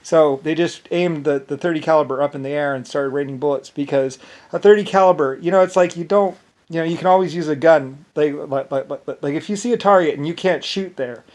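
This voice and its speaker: Rambling man with a higher voice. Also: fairly quick, darkish tone. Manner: rambling and repetitive, stacking restarts; breaks into short laughs. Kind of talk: rambling monologue.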